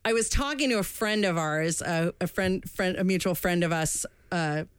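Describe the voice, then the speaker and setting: A woman's voice: lowish voice, moderate pace, clear, resonant tone, no echo, clean studio sound. A woman co-hosting a podcast, telling a story in casual chat, swearing freely and acting out the people in it. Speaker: podcast co-host.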